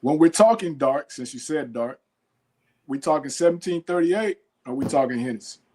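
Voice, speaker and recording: A man hosts a casual podcast chat with a relaxed manner and a voice pitched a bit above the usual. He fires off quick this-or-that questions and fills the gaps with easygoing affirmations. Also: a little hiss or hum. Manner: relaxed, quizzing, says okay a lot. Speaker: podcast host.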